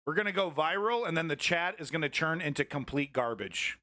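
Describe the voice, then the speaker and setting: A man's voice: a little high, animated, fairly quick, very noisy. A man hosting a live news stream, chatting casually, laughing and rambling. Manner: laughing, rambling, self-mocking.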